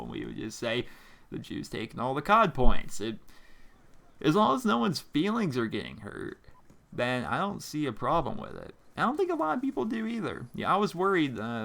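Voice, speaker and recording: A man's voice: mid-range voice, vocal fry, fairly bright tone. A young man from Pennsylvania chats to camera from his home gaming setup. His talk is loose and rambling, full of fillers and restarts, as he answers viewer letters into a desk microphone. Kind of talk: casual to-camera chat. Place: home gaming room with a squeaky chair. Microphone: desk microphone in front of monitor.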